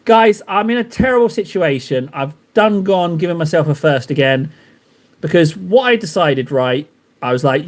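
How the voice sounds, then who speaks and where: A man's voice: a little high, expressive, moderate pace. A man chatting casually on a live stream while painting miniatures, rambling and joking at his own expense. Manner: rambling, joking, self-mocking.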